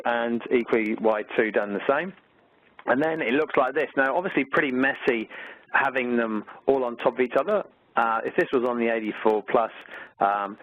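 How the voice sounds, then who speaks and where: A man's voice: medium pitch, dry recording. A man with an Australian accent, a maths teacher walking through exam questions in a chatty way with lots of fillers. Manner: chatty, many fillers, upbeat about the material. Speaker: maths teacher presenting a webinar. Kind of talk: conversational teaching walkthrough. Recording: tinny phone-like webinar audio, dry.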